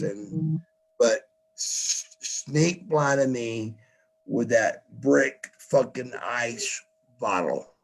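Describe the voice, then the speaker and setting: A man's voice: mid-range voice, drawn-out words, vocal fry, faint music behind. A man, a podcast guest, telling a story casually, swearing often, stumbling over repeated words and acting out what others said. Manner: profane, repeats words, acts out quoted lines. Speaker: podcast guest, former wrestler.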